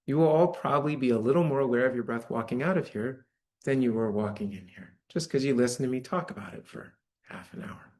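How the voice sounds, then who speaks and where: A man gives a dharma talk to a live audience in a church hall. He speaks in a relaxed, conversational way, often checking in with the listeners. His voice sits at an ordinary middle pitch. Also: a little fast. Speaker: meditation teacher.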